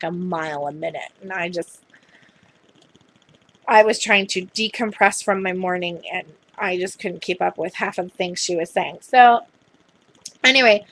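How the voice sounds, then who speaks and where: A woman's voice: medium pitch, fairly bright tone. A young adult woman vlogging in a casual, chatty way, retelling a phone call at length. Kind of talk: casual chat.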